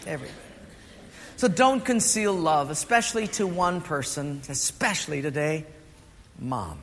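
A man's voice: fairly high pitch, moderate pace, big-room sound, slight background noise. A man preaching a sermon in a conversational way and putting questions to the congregation. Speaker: pastor.

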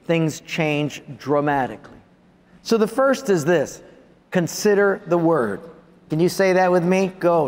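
Animated preacher man in a reverberant hall. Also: sits high. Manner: animated preaching, acting out prayers to God in a softer voice. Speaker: pastor. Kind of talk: sermon. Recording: long reverb of a large hall.

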